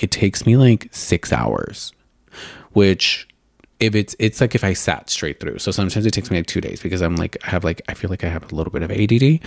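A young man hosts a makeup podcast and rants in a loose, rambling monologue. His voice sits a little low, and he packs every sentence with "like" fillers and blunt swearing. The sound is dry and close, with almost no room in it. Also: creaky, dry recording. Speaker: makeup video and podcast host. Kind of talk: casual ranting monologue.

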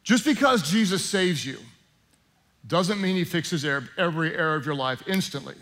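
A male pastor preaching a sermon in a conversational style with joking asides, slowing down for prayer. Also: a little high, lively intonation, fairly bright tone.

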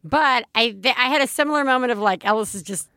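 A woman's voice: a little high, fast talker, sharp tone, no room sound, studio quality. A woman in her thirties co-hosting a casual chat, rambling with frequent fillers and restarts. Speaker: podcast co-host.

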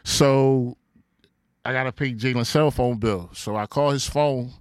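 A middle-aged man telling a story in casual chat, acting out quotes loudly, laughing and swearing. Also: medium pitch, measured pace, no echo, clean studio sound.

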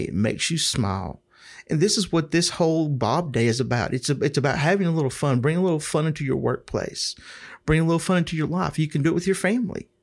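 A middle-aged man telling a rambling, casual story, often repeating words and clearing his throat. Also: a little high.

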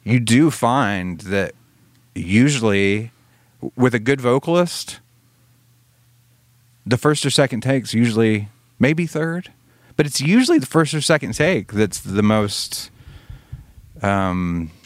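A man's voice: on the low side, lively intonation, takes it slowly, long pauses, no room sound. A man from Alabama, a co-host in casual chat who rambles, swears casually and trails off mid-thought. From Alabama, US Southern. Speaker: podcast co-host, studio producer.

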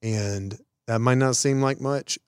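A man's voice: medium pitch, fairly even intonation, slow pace, clean tone, no echo, studio quality. A man co-hosting a podcast, speaking in an earnest, reflective way in casual chat. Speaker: podcast co-host.

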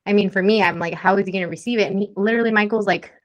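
A woman's voice: medium pitch, steady tone, racing, dull audio. A young woman co-hosting a podcast, chatting casually and animatedly, laughing often and acting out quotes. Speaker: podcast co-host. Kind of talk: casual chat.

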